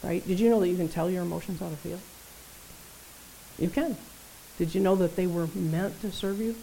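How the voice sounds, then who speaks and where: This woman preacher has a lowish, gravelly voice that's mellow and warm rather than bright. She delivers her sermon in a relaxed, animated, chatty style, peppered with quick questions to listeners, over poor audio with a faint hiss.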